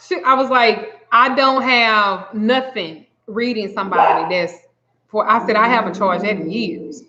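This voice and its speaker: Bright-voiced chatty woman storyteller. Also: medium pitch, measured pace. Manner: chatty, animated retelling, acts out both sides of a call. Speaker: spiritual reader and vlogger. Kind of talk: casual storytelling livestream. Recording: slightly dull lo-fi audio.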